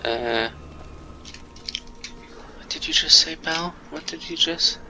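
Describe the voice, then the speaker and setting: A gameplay commentator playfully taunts on-screen enemies and cracks jokes, with game music playing underneath. His slightly high voice sounds pushed and bright, and he takes his time. The recording is low quality, with a little hiss or hum.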